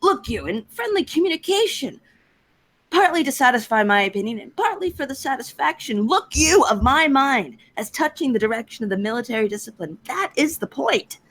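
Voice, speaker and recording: A long-winded, pedantic army captain, read by a woman who trips now and then over archaic words. The voice is fairly high and very lively in its pitch, heard over a voice call. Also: brisk, full character voice. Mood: earnest.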